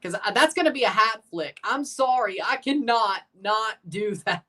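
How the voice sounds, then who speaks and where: A man streaming his live reaction to a football match, swinging between muttered grumbling and loud, exasperated shouts. He sits a little back from the microphone, so his voice comes across slightly distant. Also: sits high, moderate pace. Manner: excitable, exasperated, bursts into shouts. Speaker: watchalong streamer.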